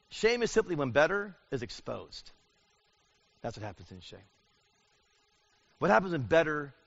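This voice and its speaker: A middle-aged man preaching a sermon in an animated way, acting out the voices he quotes. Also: a little high. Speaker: pastor. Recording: dull lo-fi sound.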